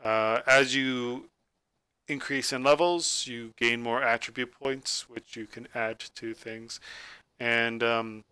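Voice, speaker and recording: Halting, rambling male game master. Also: mid-range voice, fairly even intonation, pushed and bright, clean tone, no echo. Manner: rambling, halting with many fillers. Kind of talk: explaining game rules.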